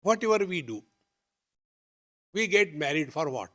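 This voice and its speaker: Man giving a lively spiritual talk. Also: a little high, unhurried. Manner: lively storytelling, acts out dialogue with rising questions. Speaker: spiritual teacher. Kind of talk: spiritual discourse. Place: retreat hall.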